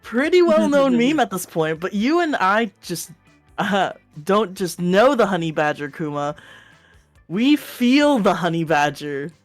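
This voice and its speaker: A woman's voice: medium pitch, big pitch swings, measured pace, faint music behind. A woman voicing a cocky male demon who loves destruction, talking brash and swaggering and swearing freely as she reads game dialogue aloud.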